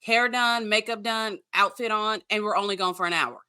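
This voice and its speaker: Guest, woman, blunt emphatic chatter, bright dry voice. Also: mid-range voice, moderate pace, smooth, no echo. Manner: blunt, emphatic reactions with swearing. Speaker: podcast guest. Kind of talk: casual chat.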